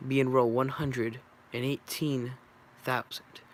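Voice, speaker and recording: A proud middle-aged bee father, as a man reads him, hearty and a little louder than plain speech. The voice stays close to an ordinary man's range. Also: medium pitch, little pitch movement, takes it slowly, slight background noise, natural voice.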